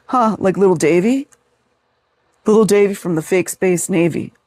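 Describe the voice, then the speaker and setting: Male host, mocking and sarcastic, higher voice, dry close recording. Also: normal speed, darkish tone, dry recording. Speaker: video host reading book reviews. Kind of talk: casual commentary.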